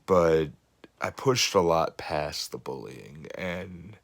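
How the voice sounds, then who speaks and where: Slow, deep-voiced earnest man. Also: vocal fry. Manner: earnest, rambling, many 'you know' fillers. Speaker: fitness coach. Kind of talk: motivational talk to camera.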